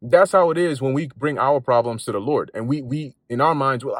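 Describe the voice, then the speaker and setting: A man's voice: mid-range voice, fairly quick, few pauses, no room sound. A man giving a casual spoken Bible lesson in a conversational, repetitive way, with street slang and frequent restarts, talking from a car while driving. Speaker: lay preacher.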